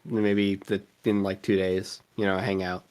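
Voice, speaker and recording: A man's voice: low-pitched, little pitch movement, a little slow, a little mellow, clean tone. A man chatting hesitantly as a player in a tabletop game.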